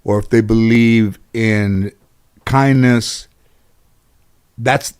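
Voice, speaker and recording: A man's voice: fairly low pitch, fairly even intonation, extremely slow, darkish tone, smooth. A middle-aged man, a guest in an interview, telling casual stories in a rambling way full of "you know". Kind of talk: casual storytelling.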